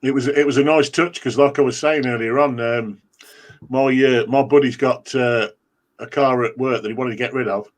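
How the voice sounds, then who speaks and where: A man's voice: mid-range voice, steady tone, moderate pace. A man co-hosting a casual chat, jokey and laughing often.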